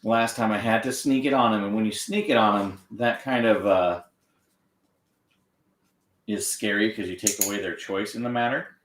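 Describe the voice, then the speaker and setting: A man training a dog on camera, gently encouraging it and explaining each step. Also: on the low side, moderate pace, long pauses, recorded from a distance. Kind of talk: live training demonstration with explanation. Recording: echoey room, off-mic, faint noise.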